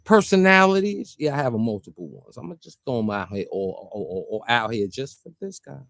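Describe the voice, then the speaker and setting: A man's voice: expressive, brisk, gravelly, no echo. Dude venting on his channel, voice bouncing all over, slangy and rambly, dry close sound. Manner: rambling, slangy, pitch jumping up and down. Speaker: vlogger reacting to a track. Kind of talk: casual rant to camera.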